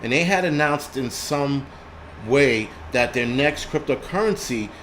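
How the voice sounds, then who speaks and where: A man's voice: mid-range voice, lively intonation, unhurried, fairly bright tone, slight background noise. A man hosting a livestream, ranting angrily with heavy profanity, restarting and stammering over his words. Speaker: host. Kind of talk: livestream rant.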